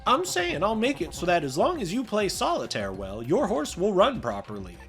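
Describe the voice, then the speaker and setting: A woman's voice: medium pitch, huge pitch swings, normal speed, faint music behind. A woman voicing a playful old male angel who gambles, cheery and teasing.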